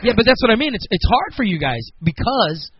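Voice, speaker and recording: A man's voice: high-pitched, sing-song, fairly quick, husky, no echo. A man in his forties with a Midwestern American accent, hosting a casual radio chat and rambling through his opinions. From Chicago, United States. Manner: rambling, opinionated, talks through thoughts aloud. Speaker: radio show host. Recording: dull lo-fi radio recording.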